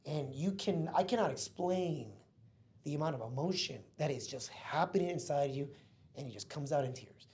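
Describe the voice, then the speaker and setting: A man's voice: fairly high pitch, moderate pace, darkish tone. A man in his thirties, a podcast guest, telling a heartfelt personal story in an earnest, casual way. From Mexico. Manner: earnest, heartfelt, calls listener bro and man.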